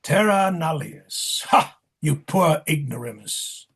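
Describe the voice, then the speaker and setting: An actor reading the part of a wry, mocking male clown in a play rehearsal. His voice is gravelly and husky, and he teases and directs the king. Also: fairly high pitch, animated, slow, a bit bright, full character voice. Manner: teasing, directive, sardonic.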